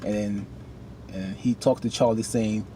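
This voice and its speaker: Animated man recapping a TV episode. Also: lowish voice, a little slow, a little hiss or hum. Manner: animated, talks back to characters with rising outbursts. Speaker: TV recap vlogger.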